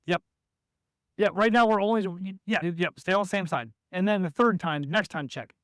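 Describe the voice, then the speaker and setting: A man coaching a basketball practice, giving instructions and calling out drills to players, sometimes acting out what they should shout. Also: sits high, normal speed, smooth, no echo, clean studio sound.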